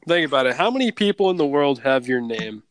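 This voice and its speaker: A man's voice: medium pitch, very animated, fast talker. A man hosting a casual group chat on a call, joking and steering the talk. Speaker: podcast host.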